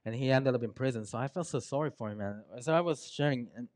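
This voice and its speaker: An earnest man shares a personal testimony at a mid-range pitch for a man. He tells his story in a halting way, stopping often with small ums. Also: darkish tone. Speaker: speaker sharing a personal testimony.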